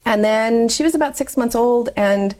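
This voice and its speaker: A woman's voice: fairly high pitch, normal speed, darkish tone. A woman in her forties telling her life story in an interview, chatty and candid, laughing often as she talks. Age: 40s. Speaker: interview guest. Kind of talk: personal life story in conversation.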